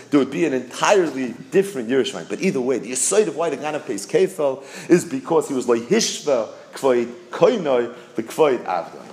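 A man teaching a Talmud lesson, explaining passages in English mixed with Hebrew and Yiddish terms. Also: a little high. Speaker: Torah teacher.

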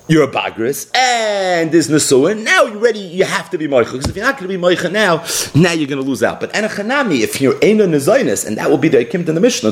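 A man teaching a Talmud class in an explanatory way, mixing English with Hebrew and Aramaic terms. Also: on the high side. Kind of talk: daily Talmud page class.

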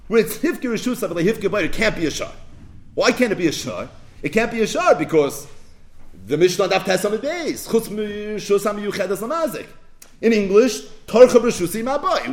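A man with a fairly high voice teaches a Talmud lesson. His pitch swings widely as he throws out questions and answers them at once. He keeps the delivery lively and emphatic. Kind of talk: animated Talmud lecture.

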